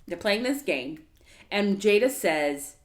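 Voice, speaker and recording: A woman's voice: medium pitch, lively intonation, takes it slowly. A woman co-hosting a casual podcast chat, animatedly retelling a story and acting out the quotes. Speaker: podcast co-host.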